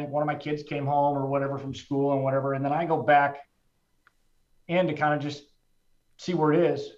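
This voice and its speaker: A middle-aged man, a trader, telling a personal story in a frank, heartfelt, plain-spoken way. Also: on the high side. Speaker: trader speaking as a guest. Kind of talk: candid personal storytelling in a conversation. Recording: roomy, slightly dull sound.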